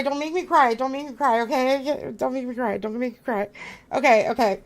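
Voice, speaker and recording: A woman's voice: sits high, a little fast. A woman hosting a live stream, gushing and flustered as she thanks her viewers.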